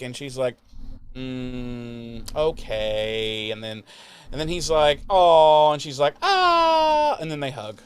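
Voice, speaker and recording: A man co-hosting a podcast gives a casual, profane, rambling recap of a TV episode and briefly mimics the characters with quick mock voices. His voice is medium-pitched and animated, with a little hiss or hum in the audio.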